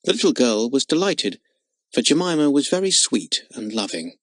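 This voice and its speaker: A man narrating a children's audiobook with an expressive, dramatic reading. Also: mid-range voice, moderate pace, no echo. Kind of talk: storybook narration.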